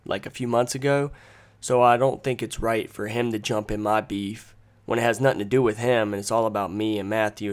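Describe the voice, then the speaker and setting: A man hosting a casual podcast from a room with friends, telling a story in a blunt, rambling, profane way. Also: fairly low pitch. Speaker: podcast host. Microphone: podcast microphone.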